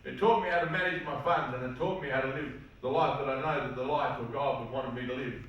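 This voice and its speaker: A man's voice: mid-range voice, fast talker, lo-fi sound. A man with an Australian accent speaking to a seminar audience, telling personal stories in an earnest, plain-spoken way full of slang. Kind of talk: personal testimony talk. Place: large hall. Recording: echoey hall, mic far off.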